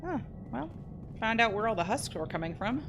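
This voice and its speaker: A woman commenting on her gameplay as host, chatting to the game's characters and yelping loudly when startled. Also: fairly high pitch, very animated, moderate pace, background noise. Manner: chatty, talks to game characters, startled into loud yelps. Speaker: let's play host. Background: game music and gunfire.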